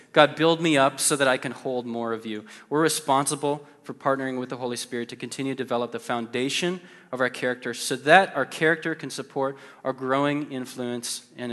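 A man's voice: mid-range voice, fairly bright tone. A man preaching a sermon in a church, talking conversationally with many fillers, playful at times and earnest at others. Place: church sanctuary. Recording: long hall reverb with faint music.

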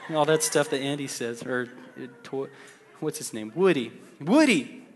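A man's voice: mid-range voice, moderate pace. A man preaching a sermon in a church, talking conversationally with many fillers, playful at times and earnest at others. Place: church sanctuary. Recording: long hall reverb with faint music.

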